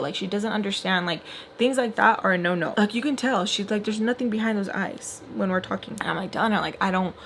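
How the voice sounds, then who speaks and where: A young woman chats her way through a long personal storytime at an everyday mid pitch, sprinkling fillers and acting out what others said. She talks close to the camera mic, with a faint hum of noise behind her. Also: brisk. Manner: chatty, filler-heavy, acts out quoted voices. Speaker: storytime vlogger. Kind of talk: casual storytime while doing makeup.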